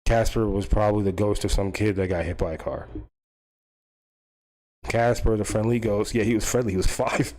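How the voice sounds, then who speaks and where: A man's voice: fairly low pitch, steady tone, moderate pace, pauses often, a little mellow. A man hosting a stream, rambling through a casual comedic rant, swearing freely and laughing at his own jokes. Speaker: stream host.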